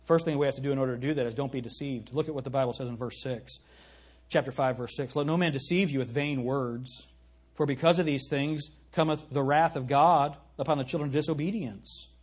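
A man's voice: medium pitch, a little fast, darkish tone, breathy edge. A male pastor preaching an emphatic sermon, asking his congregation questions and reading scripture aloud.

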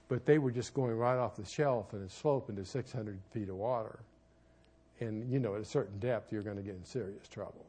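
Husky-voiced preacher telling an animated story. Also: male voice, lowish voice. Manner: animated storytelling with sudden shouts and asides. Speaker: pastor and marriage counselor. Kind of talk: sermon with a personal story. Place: church.

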